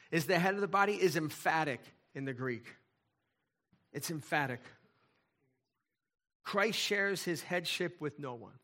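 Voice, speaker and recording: A man's voice: fairly high pitch, fairly bright tone. A man preaching a sermon as lead pastor of a church, emphatic, repeating key lines and asking rhetorical questions.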